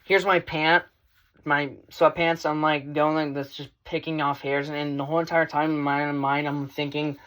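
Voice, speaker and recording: A man's voice: fairly high pitch, normal speed. Rambling teenage boy telling a story. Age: teens. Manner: rambling, with many fillers and restarts; animated, voice rising when excited. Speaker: vlogger. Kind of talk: casual storytelling.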